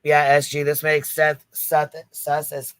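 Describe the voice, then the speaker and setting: A man on a livestream panel talks bluntly and curses freely, his tone flat but bright-edged. His voice is dry and close, with no room sound. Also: fairly high pitch, a little slow, clean tone, dry recording. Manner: blunt, profane, exasperated. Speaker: panel guest. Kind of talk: casual panel chat.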